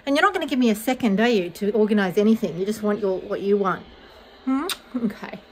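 Holding a phone camera in her baby's bedroom, a young woman chats for her vlog while tending the infant, frequently switching to a coaxing sing-song voice for the baby. She talks quickly in a mid-range voice with lively intonation. The low-quality recording has slight background noise.

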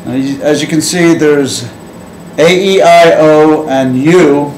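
A man's voice: fairly high pitch, slow, darkish tone, slight background noise. A man teaching a Latin lesson at a board, playfully drawing out vowel sounds to demonstrate them. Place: classroom. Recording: echoey room with faint ambience.

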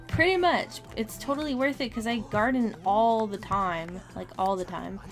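A young woman with a fairly high voice speaks in an unhurried way while playing a life-simulation game. Her casual let's-play commentary is chatty and full of giggles, and she regularly speaks to her characters, with faint game music in the background.

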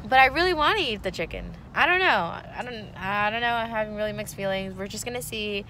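A woman's voice: medium pitch, expressive, a little fast, sharp tone, slight background noise. A woman vlogging in a casual, giggly way, rambling with lots of "like". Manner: giggly, rambling, says "like" a lot. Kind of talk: casual vlog chat.

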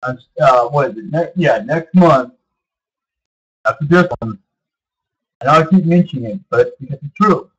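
Rambling husky man in his thirties. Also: on the high side, lively intonation, normal speed, pauses often, a bit bright, muffled recording. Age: 30s. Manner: meandering, repeats himself, many fillers. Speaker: vlogger. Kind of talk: rambling casual monologue.

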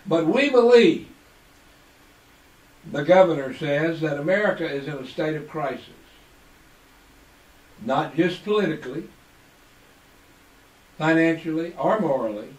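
A man hosting a talk show, preaching to listeners in slow, emphatic phrases and dropping to quiet asides when he is unsure. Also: fairly high pitch, echoey room, far from the mic, low-quality recording. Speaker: radio talk show host.

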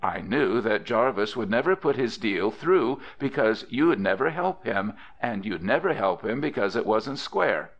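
A frank young cowboy, as a male narrator voices him, easygoing and plain-spoken with a western drawl. The voice sits low with a lively, moving pitch. The recording is dull and lo-fi. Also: unhurried, few pauses.

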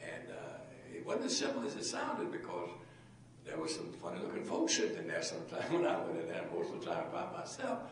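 A man's voice: low-pitched, huge pitch swings, fairly quick, slight background noise. An older man, a pastor, telling a folksy, humorous story with repetitions as a lecture. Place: large lecture hall. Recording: echoey hall, voice from far off.

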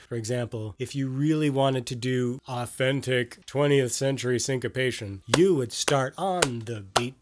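A man talking through a music lesson in a relaxed, conversational way, explaining ideas step by step. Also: medium pitch. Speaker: music educator.

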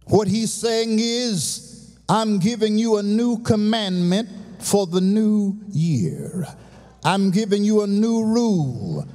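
High, whooping preacher man in a church. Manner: chanting, whooping preacher cadence rising to shouts. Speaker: pastor. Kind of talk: sermon. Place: large church sanctuary. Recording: long church reverb with faint organ music.

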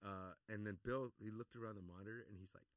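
A middle-aged man with a very low voice recounts stories in a relaxed interview. He repeats his punchlines and laughs along as he talks. His voice sits a little away from the microphone in a dry, dead room. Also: fast, no room sound, distant mic. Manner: lively anecdotal storyteller, laughs and repeats phrases. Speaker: actor, podcast guest. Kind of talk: casual interview storytelling. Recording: voice somewhat off-mic, dry.

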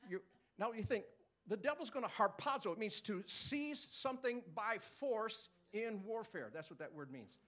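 A man's voice: high-pitched, animated, moderate pace, a bit bright. A man preaching a sermon, teaching with call-and-response and chuckles.

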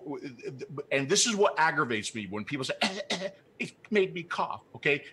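A man's voice: high voice, sharp tone, husky. A man co-hosting a live call-in show, ranting with fire and repeating his points for emphasis. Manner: fired-up ranting, repeats himself. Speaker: co-host.

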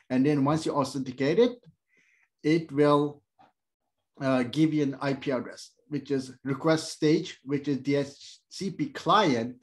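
A male instructor explaining networking in a halting, plain way, with many fillers and everyday comparisons. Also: medium pitch, steady tone. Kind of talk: screen-share tech lesson.

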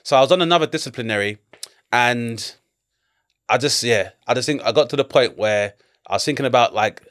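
Speaking briskly at a medium pitch, a man in his forties with a London accent tells stories as a comedian guest in a relaxed interview. Originally from London, England, he's animated, laughing frequently and swearing freely.

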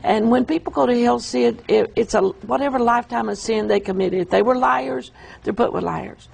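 Gravelly, breathy-voiced woman giving testimony. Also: a little high, darkish tone, poor audio. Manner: emotional, halting storytelling with restarts. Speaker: guest describing a vision. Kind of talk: earnest testimony in an interview.

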